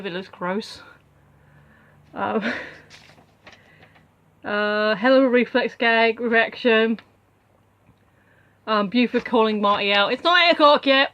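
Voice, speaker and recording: A woman's voice: on the high side, lo-fi sound. Rambling woman recapping a film. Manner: rambling, with many fillers and asides. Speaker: film reviewer. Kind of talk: casual spoken film recap.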